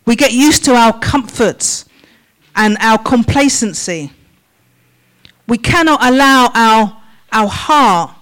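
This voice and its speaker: A woman's voice: fairly high pitch, rough recording. A woman preaching a sermon in church, asking the congregation a run of questions. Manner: slow, measured questions to the congregation.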